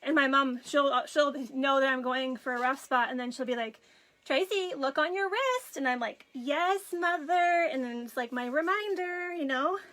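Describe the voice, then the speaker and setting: A woman in her forties, a craft vlogger, tells a personal story on a live video while crying and sniffling with a runny nose. Her voice is high and sharp, moving at a moderate pace with few pauses, and she's emotional and tearful as she acts out what other people said.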